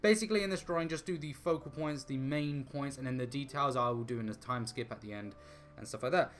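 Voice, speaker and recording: A man's voice: medium pitch, quick pace, a little hiss or hum. A man hosting a casual drawing tutorial, thinking aloud as he sketches and chatting with self-deprecating asides. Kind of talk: casual rambling drawing narration.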